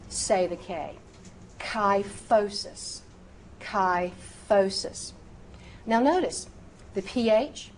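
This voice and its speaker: A woman teaching medical terminology in a recorded lecture, sounding out each term slowly and precisely. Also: fairly high pitch, a little mellow, slight background noise. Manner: slow, precise enunciation of terms.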